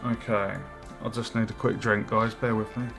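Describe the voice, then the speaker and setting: A man streaming his game development work, thinking aloud with many pauses and fillers, and chatting with viewers. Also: lowish voice, flat delivery. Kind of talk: casual live-stream commentary while working. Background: faint music and keyboard typing.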